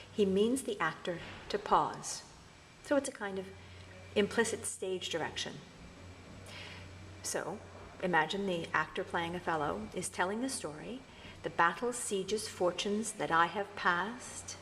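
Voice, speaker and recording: A woman lecturing on verse meter, explaining patiently and reading quoted lines slowly. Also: medium pitch, animated, long reverb tail, slight background noise, low-quality recording. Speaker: literature lecturer.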